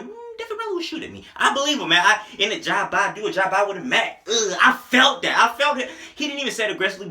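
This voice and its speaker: A young man casually reviewing an album, animated and profane, joking and rapping lines along. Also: sits high. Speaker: music reviewer. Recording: echoey room.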